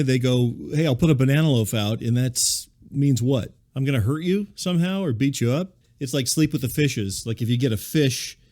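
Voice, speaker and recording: A man's voice: medium pitch, darkish tone. Male podcast host, mid-range voice, rambling wry comic monologue. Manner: rambling, wry, incredulous digressions. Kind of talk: scripted comedic monologue.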